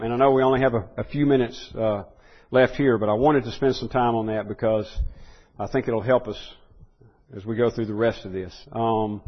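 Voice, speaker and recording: A preacher leads a Bible study in a conversational sermon, his medium-pitched voice trailing into soft asides and tripping over repeated words before climbing to loud, emphatic peaks. The recording is muffled.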